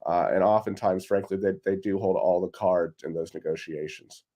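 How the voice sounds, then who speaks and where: A man as an expert guest on a talk show, answering in a steady, explanatory way over a laptop microphone. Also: sits low, moderate pace. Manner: steady, explanatory, a few fillers. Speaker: tax relief expert guest. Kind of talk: interview answers. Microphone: laptop microphone on a remote call.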